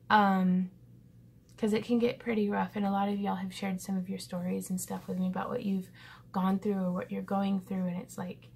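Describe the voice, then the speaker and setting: A woman's voice: medium pitch, gravelly, slight background noise. A woman in her thirties talking to her viewers in a casual, reflective vlog, earnest and rambling with lots of fillers. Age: 30s. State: pensive. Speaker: vlogger.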